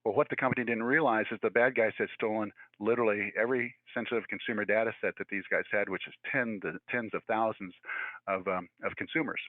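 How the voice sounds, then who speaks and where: A man, likely in his sixties, giving a virtual presentation in a fast, conversational way with many fillers and restarts. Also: fairly low pitch, fairly even intonation, no room sound. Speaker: guest speaker. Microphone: video call. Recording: tinny phone-like audio, dry.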